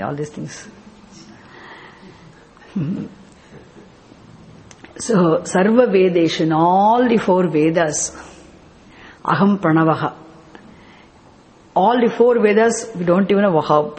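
A spiritual teacher with a high, darkish voice leads a scripture class. He explains things step by step, poses rhetorical questions, and chants verses.

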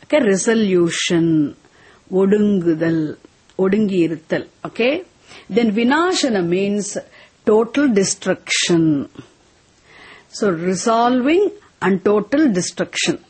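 A woman giving a spiritual text class, explaining word meanings slowly and having students repeat each word after her. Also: medium pitch, lively intonation, a little mellow, slightly rough. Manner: slow, repetitive teaching, has students repeat words. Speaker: teacher.

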